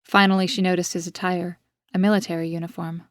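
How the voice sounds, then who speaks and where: Woman reading her own spooky story, low voice, pretty flat, dry close mic. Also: no echo. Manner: even, measured storytelling. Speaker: author and narrator. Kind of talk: scripted audiobook narration.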